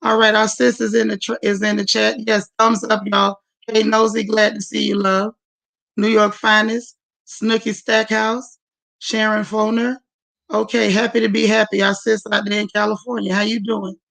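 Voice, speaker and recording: A woman's voice: medium pitch, level tone, moderate pace, vocal fry. A woman hosting a casual livestream, greeting viewers by name and calling them sis and y'all. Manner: warm, chatty, calls viewers sis and y'all. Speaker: livestream host.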